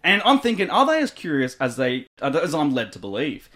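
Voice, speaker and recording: A man's voice: on the high side, huge pitch swings, moderate pace, fairly bright tone. A man with an Australian accent hosting a radio show, playful and hammy, laughing often. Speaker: radio host. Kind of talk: comedic radio banter.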